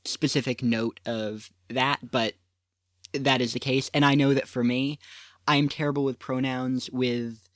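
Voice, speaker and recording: A man's voice: mid-range voice, level tone, unhurried, fairly bright tone, no room sound, studio quality. A young man co-hosting a podcast, talking casually with hesitant, apologetic restarts. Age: young adult. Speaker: podcast co-host.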